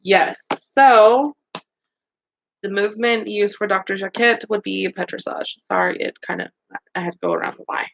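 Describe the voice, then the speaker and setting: A woman's voice: medium pitch, moderate pace, gravelly. Woman beauty school instructor, upbeat and encouraging, casual online quiz review, slightly muffled lo-fi sound. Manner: upbeat, encouraging, chatty with fillers.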